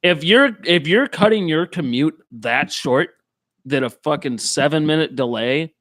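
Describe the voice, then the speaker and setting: A man's voice: a little high, expressive, measured pace, fairly bright tone, dry recording. A man in a casual podcast chat giving blunt, profane opinions. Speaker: podcast co-host.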